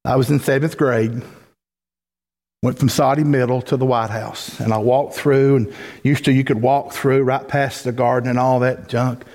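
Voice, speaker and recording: A man's voice: mid-range voice, level tone, normal speed, darkish tone. A man preaching a folksy sermon as pastor, building to emphatic peaks. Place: church sanctuary. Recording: long hall reverb.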